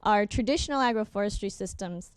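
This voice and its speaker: A young adult woman presents at a workshop over slides, her voice smooth and clear. She talks fast, fills pauses with ums and uhs, and restarts her sentences. The sound is dry and close, with no room echo. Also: mid-range voice. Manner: quick, with many ums and uhs, self-correcting.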